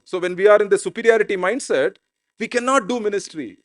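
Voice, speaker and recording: A man's voice: high voice, quick pace, dry recording. A man preaching a sermon as pastor in an informal, conversational way. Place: church.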